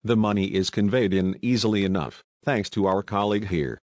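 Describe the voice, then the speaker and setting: A man's voice: lowish voice, brisk, a little mellow, no room sound, close to an everyday voice. A man voicing a blunt rebel plotter who demands money, with a rich voice and a curt, insistent manner.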